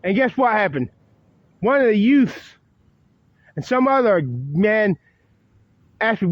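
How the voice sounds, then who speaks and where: High-pitched, profane man in his fifties, a bitter outdoor vlog rant at night, muffled dry audio. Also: sing-song, unhurried, long pauses, no room sound. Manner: profane, bitter, repeats himself. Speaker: vlogger. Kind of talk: angry rant to camera. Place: outdoors at night beside a church.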